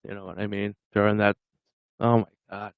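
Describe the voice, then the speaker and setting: A man's voice: on the low side, little pitch movement, fairly quick, smooth, no room sound, narrow, tinny audio. A man hosting a livestream, chatting casually with viewers in a rambling way and chuckling often. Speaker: livestream host.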